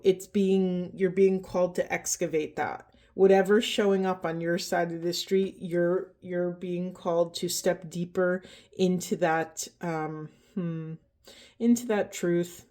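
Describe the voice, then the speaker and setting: A woman giving a slow, halting spiritual card reading, emotional, with heavy breathing and a trembling voice. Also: fairly low pitch, mellow. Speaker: oracle card reader.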